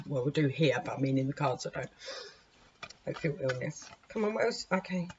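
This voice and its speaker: A woman with a sore, hoarse throat gives a casual tarot reading, chatty and swearing lightly as she talks to her cards. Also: sits low, animated, moderate pace. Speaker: tarot reader. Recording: muffled recording with clear background noise.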